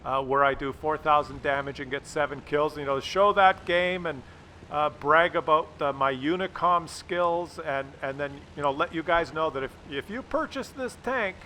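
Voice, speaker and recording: A man's voice: a little high, moderate pace, pushed and bright, a little hiss or hum. A man giving casual gameplay commentary, ranting and swearing, with many fillers and restarts. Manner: filler-heavy, restarting phrases. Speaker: gaming channel host.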